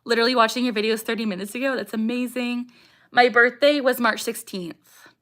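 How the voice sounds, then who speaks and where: A woman's voice: a little high, fairly even intonation, a little fast, a bit bright. Bubbly young woman hosting a livestream. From Canada. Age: young adult. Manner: bubbly, chatty, interrupted by vocal tics. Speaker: livestream host. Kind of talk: casual livestream chat, reading comments.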